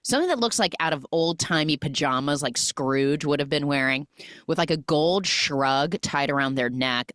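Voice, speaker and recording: Low-pitched woman podcaster telling a movie plot, lively, acts out the lines, dry close sound. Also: no room sound. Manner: animated storytelling, acts out quoted lines. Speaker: podcast host. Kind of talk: casual film recap.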